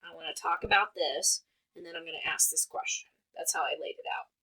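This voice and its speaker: Bright-voiced mother explaining a tool. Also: fairly low pitch, fairly quick, breathy edge, poor audio. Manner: explanatory, thinks aloud with fillers. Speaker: podcast co-host and mother. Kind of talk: casual advice chat.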